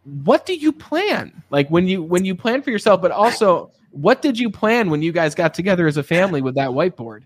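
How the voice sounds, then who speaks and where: A man hosting an interview, telling stories in a casual, animated way and often checking in with his guest. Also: high-pitched, brisk, hardly any pauses. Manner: animated storyteller, frequent tag questions. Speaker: podcast host.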